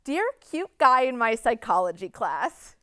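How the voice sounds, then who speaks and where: Smooth-voiced young woman hosting with deadpan sarcasm. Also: a little high, unhurried, no room sound. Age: 20s. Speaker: student TV show host. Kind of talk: scripted comedic monologue.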